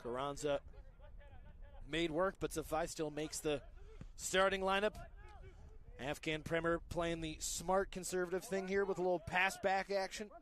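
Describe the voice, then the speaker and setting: A man calling a live amateur soccer match, chatty and joking, getting louder and quicker when play gets close to goal. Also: on the high side. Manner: chatty, joking asides, rising excitement on attacks. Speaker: play-by-play commentator.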